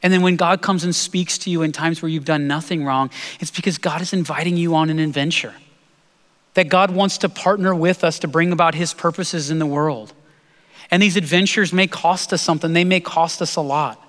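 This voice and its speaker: A man preaching a sermon as pastor, telling a story earnestly and slowing down for emphasis. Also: on the high side, fairly even intonation, fairly bright tone. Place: church sanctuary. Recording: long hall reverb.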